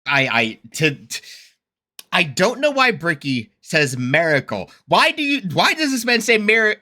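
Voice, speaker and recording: A man hosting a casual reaction video, rambling with frequent laughs, fillers and excitable, mock-indignant rants. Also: high voice, measured pace. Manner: rambling, laughs often, heavy use of fillers.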